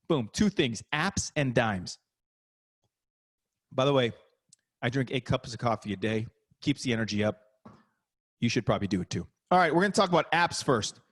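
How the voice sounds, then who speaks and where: A middle-aged man, a basketball coach, giving an energetic, punchy motivational talk over a video call. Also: mid-range voice.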